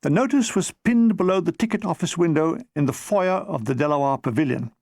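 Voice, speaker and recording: A man's voice: a little high, animated, brisk, a little mellow, no echo. A man reading his own memoir aloud as an audiobook, with a dry comic storytelling manner. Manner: dry comic storytelling, briefly mimicking characters. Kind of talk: audiobook narration.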